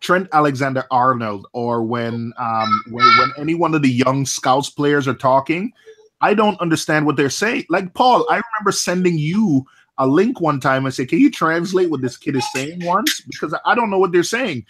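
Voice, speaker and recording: Animated Jamaican-born man in his thirties. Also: a little high, normal speed, slight background noise. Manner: animated, laughing, repeats words as he talks. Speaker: live stream chat participant. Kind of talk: casual chat.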